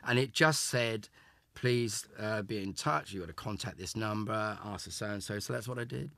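An older Englishman, a former child show actor, is a guest in a casual interview, reminiscing chattily and often repeating and restarting words. His voice is fairly low, creaky, pushed and bright, at a normal speed with no echo.

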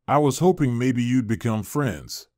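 A man voicing a gentle, sly, bedridden older mother in a storybook reading. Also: mid-range voice, lively intonation, unhurried, no echo, studio quality, close to an everyday voice. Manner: soft, hopeful.

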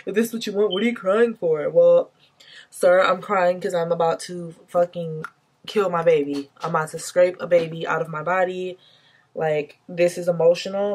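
A young woman telling a personal story to her camera, candid and emotional, casual and swearing freely. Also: lowish voice. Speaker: vlogger.

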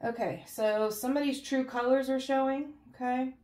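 A woman's voice: sits high, steady tone, normal speed, a little mellow, reverberant. A woman giving a casual tarot reading to her viewers, chatty and emotionally shaken, often ending her phrases with "okay?" and "guys". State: emotionally shaken, holding back tears. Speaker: tarot reader. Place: indoors at home, with a cat nearby.

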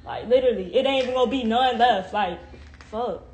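A woman's voice: on the high side, brisk, darkish tone. A young woman venting on a phone live stream, confrontational and heavily profane, peppering everything with "like". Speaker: livestreamer.

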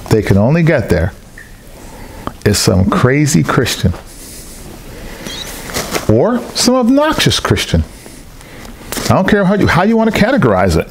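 A man's voice: medium pitch, fairly quick, gravelly, slight background noise. A man preaching a sermon in a church hall, telling personal stories and acting out the voices of the people in them. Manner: animated storytelling, acts out other people's lines.

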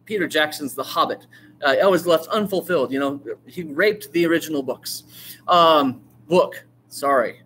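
A man teaching a class on storytelling, talking in a lively way, asking the class questions and acting out lines. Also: on the high side, moderate pace, a little hiss or hum. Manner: animated, asks the class questions, acts out quotes. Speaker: writing teacher.

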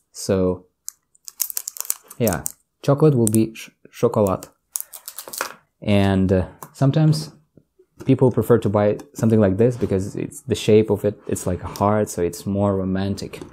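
A man's voice: on the low side, dark tone. A man from northern Tajikistan with a Tajik accent, patiently teaching words in a casual language lesson and repeating each one. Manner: patient, explains slowly with examples and repeats words.

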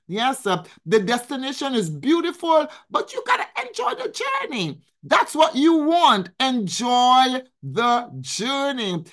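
A woman with a slightly high, somewhat bright voice runs a weekly live coaching stream. She preaches her motivational message emphatically, repeating phrases and replying to people in the chat.

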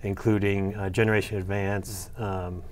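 A man's voice: lowish voice, little pitch movement, moderate pace, darkish tone. A middle-aged man answering interview questions about his research, hesitant with many fillers and restarts. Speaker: soybean breeder and agronomy professor.

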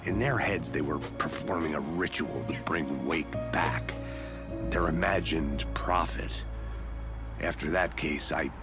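Guarded game detective: rumbling low voice, clipped delivery, score behind. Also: male voice. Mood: grim. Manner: slow, clipped, matter-of-fact. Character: weary, guarded middle-aged male detective. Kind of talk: video game dialogue. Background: game score music.

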